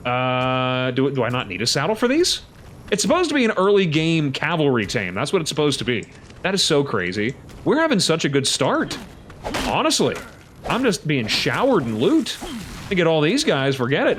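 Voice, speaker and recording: Man, let's play host, excitable gameplay chatter, lively swooping pitch, faint background hiss. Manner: excitable, chatty, talks to his creatures. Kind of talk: casual gameplay commentary.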